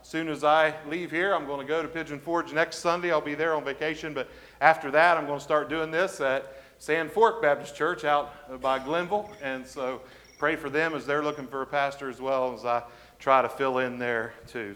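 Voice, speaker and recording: A visiting preacher man speaks to a congregation, his voice a touch high and notably bright. He tells stories in an easygoing folksy way, with plenty of small fillers. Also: fairly even intonation, moderate pace. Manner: folksy storyteller with frequent fillers. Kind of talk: folksy sermon and farewell. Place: church sanctuary.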